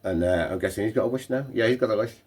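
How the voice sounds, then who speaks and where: A man's voice: fairly low pitch, rapid-fire, a little mellow. A man hosting a podcast, telling a rambling joke in casual banter with playful interruptions. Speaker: podcast host.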